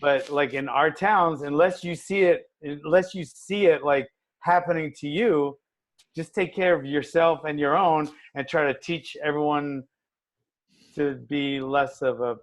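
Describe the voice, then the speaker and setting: A man's voice: fairly high pitch, fairly even intonation, unhurried. A man appearing as a guest self-defense instructor, giving blunt, emphatic opinions and swearing casually.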